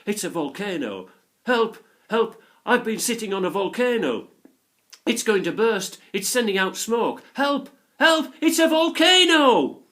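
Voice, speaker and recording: A man reading a children's story, voicing a frightened young girl with high panicky cries. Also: sing-song, normal speed, slightly rough. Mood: panicked.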